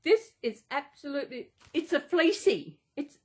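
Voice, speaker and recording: A woman's voice: fairly high pitch, a little slow. Gushing, rambling woman vlogger. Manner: rambling, gushing with many gasps and restarts. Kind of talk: casual unplanned chat.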